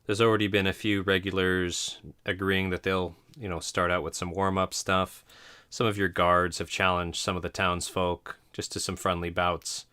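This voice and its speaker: A man with a deep, low voice runs a tabletop game, describing the scene for his players. He rambles along casually, often laughing and stumbling over tricky words. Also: flat delivery, normal speed, bright, forceful tone, clear, resonant tone. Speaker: game master.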